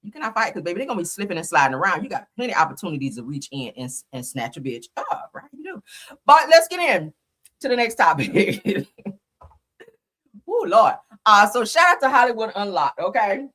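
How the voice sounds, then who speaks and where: A woman's voice: mid-range voice, very animated, fairly quick. Laughing, profane woman gossip host. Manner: loud, laughing, profane, talks straight to viewers. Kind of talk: casual gossip commentary.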